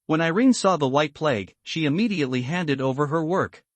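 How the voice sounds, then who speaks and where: A man reading a translated comic story aloud as a recap narrator, in a steady, even manner. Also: fairly high pitch, a little fast, no room sound.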